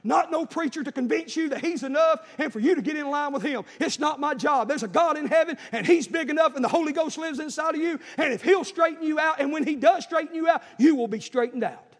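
High-voiced preacher, booming hall. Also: male voice, fast talker, few pauses. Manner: rising to shouted preaching, then dropping to folksy storytelling. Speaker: pastor. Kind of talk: fiery sermon. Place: church sanctuary. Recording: echoey church hall.

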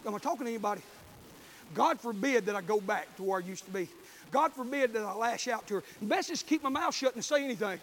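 A man preaching a sermon in church, telling folksy stories with fervent bursts of shouting. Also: high voice, expressive, fast, a little hiss or hum.

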